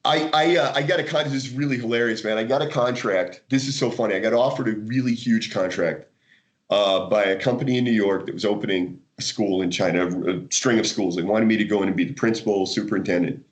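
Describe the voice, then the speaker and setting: An American man, a guest author in a casual interview, telling animated stories with frequent laughter and restarts. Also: on the low side, fast talker. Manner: animated storyteller, laughs often, many restarts. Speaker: guest, martial arts author.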